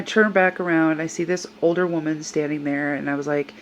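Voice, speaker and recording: A woman's voice: sits low, fairly even intonation, fairly quick, muffled recording, a little hiss or hum. An older woman tells a personal story in a vlog, earnest and upset as she recounts what happened. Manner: upset, earnest retelling with quoted voices. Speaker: service dog handler.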